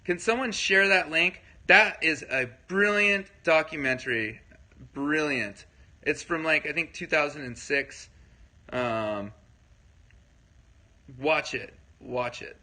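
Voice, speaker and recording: Livestream host, male, very bright and fairly high voice, loose rambling delivery, constant "okay?" check-ins. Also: measured pace, rough recording. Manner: rambling, filler-heavy, keeps checking in with listeners. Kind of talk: casual livestream talk, answering viewer comments.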